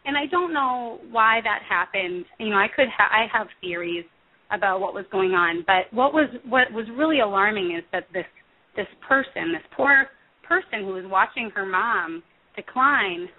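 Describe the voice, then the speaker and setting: A woman, a music therapist, talking earnestly in an interview, pausing with frequent ums and restarts. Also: medium pitch, lively intonation. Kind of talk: conversational interview over the phone. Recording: tinny phone line.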